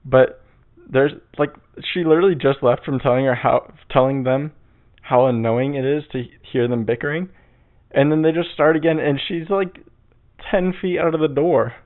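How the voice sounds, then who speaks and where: A man's voice: medium pitch, normal speed. A man hosting his own podcast in casual chat, rambling and swearing with lots of fillers. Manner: rambling, profane, full of fillers. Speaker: podcast host. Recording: tinny phone-like sound.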